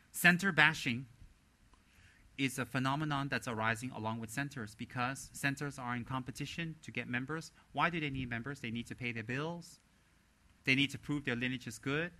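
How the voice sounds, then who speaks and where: Man, Buddhist teacher, dharma teaching, emphatic, sarcastic, rhetorical questions, bright forceful tone. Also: medium pitch. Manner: lively and sarcastic.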